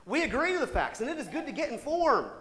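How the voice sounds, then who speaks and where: A pastor preaching a sermon to his congregation, animated and tossing in rhetorical asides with the odd laugh. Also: very high-pitched, fast talker, in a large hall.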